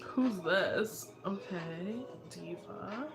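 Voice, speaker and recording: A woman's voice: fairly low pitch, drawn-out words, gravelly, music in the background. A young woman hosting a casual livestream, laughing constantly and squealing her reactions. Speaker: livestream host.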